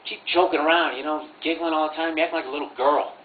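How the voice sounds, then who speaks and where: A man's voice: a little high, fairly even intonation, fast talker, a little hiss or hum, pitched above the performer's own voice, close to an everyday voice. A man doing a taunting, bullying dad. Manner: taunting, scornful. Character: mocking middle-aged dad, mean-spirited bully. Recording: tinny, echoey, from far off.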